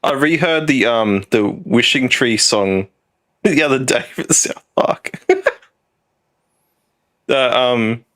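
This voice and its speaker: A man's voice: medium pitch, a bit bright. A man from Australia with an Australian accent, chatting casually as a podcast co-host and laughing often. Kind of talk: casual chat.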